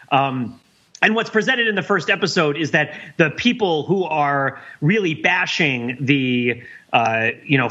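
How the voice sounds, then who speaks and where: Male podcast co-host, bright and forward, wordy analyzer, lo-fi sound. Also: a little high. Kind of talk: casual chat.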